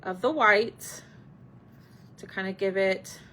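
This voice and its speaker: A woman's voice: medium pitch, slow pace, fairly bright tone. A woman hosting a live craft stream, chatting casually with viewers and answering their comments while she paints.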